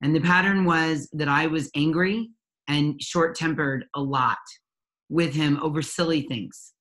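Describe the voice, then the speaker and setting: A woman's voice: deep voice, steady tone, measured pace, fairly bright tone. A woman in her forties, a parent coach, telling her personal story in an interview, earnest and candid with frequent ums and restarts. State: near tears at times.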